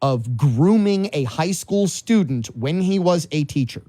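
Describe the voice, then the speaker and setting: This is a man in his forties from New Orleans hosting talk radio from a studio. His voice sits a little high but sounds soft and mellow. He speaks close to a dry mic, chatty and musing, often posing questions aloud. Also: animated, unhurried, no echo. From New Orleans, Louisiana. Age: 40s. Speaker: radio talk show host. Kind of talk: casual political talk radio. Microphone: studio microphone.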